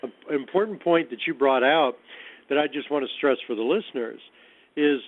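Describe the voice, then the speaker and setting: A man's voice: medium pitch, brisk, no room sound. A man hosting a radio interview, reflectively summing up the guest's points for listeners. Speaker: radio host. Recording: dry tinny phone line.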